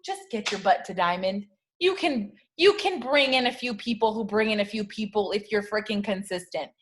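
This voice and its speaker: Casting: woman, 30s, network-marketing team leader, punchy hype talk, slangy, keeps checking in with her listeners. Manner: high-energy, repetitive, slangy, keeps asking "okay?". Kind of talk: motivational talk to camera.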